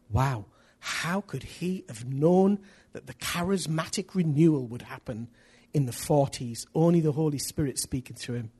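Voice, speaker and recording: A high-voiced man preaching with fervor. He drops to near-whispered earnestness, then lifts into loud, rallying questions aimed at the congregation. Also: slightly rough. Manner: impassioned, swings from hushed to loud rallying questions. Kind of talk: sermon.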